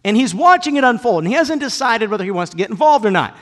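A pastor in his thirties preaches and shares personal stories in a large hall, lively and animated, his voice climbing and growing loud when he gets excited. He speaks very high and quickly.

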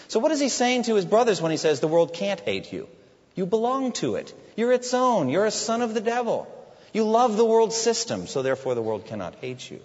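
A man preaching a sermon, expressive, dropping low and quiet when he quotes Jesus. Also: fairly quick. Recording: dull echoey hall recording.

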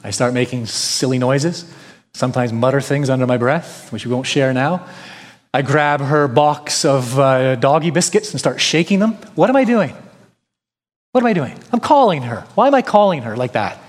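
A man's voice: medium pitch, moderate pace. A male pastor preaching a sermon, emphatic, with rhetorical questions and repetition. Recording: long hall reverb.

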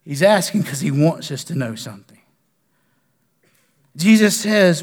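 A male pastor preaching with passion, his fairly high voice rising in fervent appeals and falling to a hushed plea. A long reverb trails each phrase, as in a church sanctuary. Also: expressive, measured pace, pauses often. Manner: impassioned preaching that drops to soft, prayerful pleading. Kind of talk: sermon.

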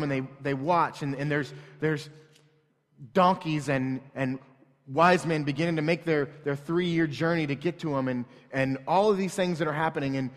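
Pastor guy in his 30s preaching, chatty and earnest, voice a bit high, echoey church hall. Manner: earnest, conversational storytelling. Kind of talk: sermon. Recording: long hall reverb.

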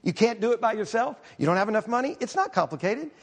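A middle-aged man, a pastor, preaching a conversational, humorous sermon with quick asides. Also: high-pitched, big pitch swings, gravelly.

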